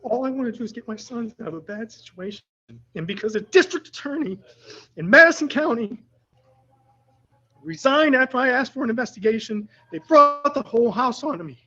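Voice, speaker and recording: A tearful man pleads with a judge, his voice high for a man and husky. He rambles and circles back to the same points as he represents himself. The courtroom recording sounds dull and lo-fi. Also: expressive, a little fast, pushed and bright. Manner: emotional, rambling, repeats himself.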